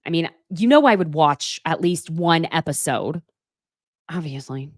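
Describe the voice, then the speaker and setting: A woman's voice: low voice, animated, a little slow, dry recording, studio quality. A woman in her thirties hosting a casual live gossip chat, chatty and fond of pet names and self-mocking asides. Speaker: host of a gossip show.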